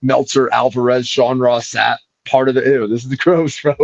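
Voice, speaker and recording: A man's voice: mid-range voice, moderate pace, gravelly, few pauses, highs cut off. A man in his late thirties, a guest on a casual live show, laid-back and fond of saying bro and dude.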